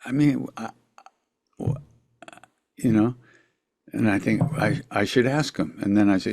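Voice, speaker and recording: An older man, telling a story as a podcast guest, reflective, with quiet asides trailing off. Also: medium pitch, moderate pace, vocal fry, long pauses, dry recording, clean studio sound. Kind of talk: storytelling in a conversation.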